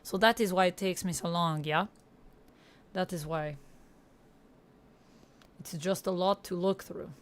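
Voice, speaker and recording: A woman's voice: fairly low pitch, steady tone, a little slow, pauses often. A woman livestreaming a game on a headset mic, chatting playfully with viewers in a put-on Russian accent. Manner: playful, reads chat aloud, mock-serious. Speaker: gaming livestreamer. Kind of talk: casual livestream chat.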